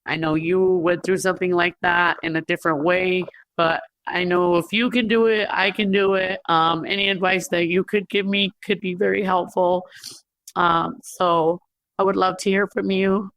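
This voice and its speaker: A woman's voice: lowish voice, little pitch movement, normal speed, fairly bright tone, no echo. A woman leaving a voice message for an advice show, speaking hesitantly and holding back tears. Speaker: caller. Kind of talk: recorded voice message.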